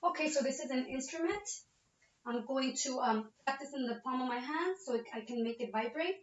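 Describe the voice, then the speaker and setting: A woman's voice: high voice, animated, fairly quick, slight background noise. A woman, a nursing student, talks a patient through a physical exam, explaining each step and checking in with "okay?" again and again. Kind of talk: narrated physical exam demonstration. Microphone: laptop webcam. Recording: roomy, distant, muffled webcam audio.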